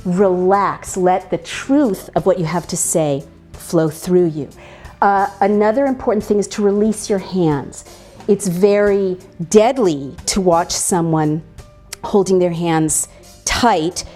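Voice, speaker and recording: Woman, public speaking coach, mellow warm tone, emphatic, faint music behind. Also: lowish voice. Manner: emphatic, demonstrates vocal habits by imitating them. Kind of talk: instructional talk to an audience.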